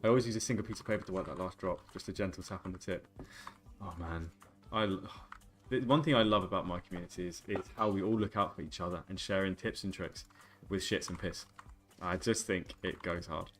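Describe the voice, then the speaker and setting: A man's voice: deep voice, fairly quick, soft background music. A man in his twenties streaming a game, chatting casually and joking and rambling with his viewers. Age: 20s. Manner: joking, rambling banter with chat. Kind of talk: casual live-stream chat.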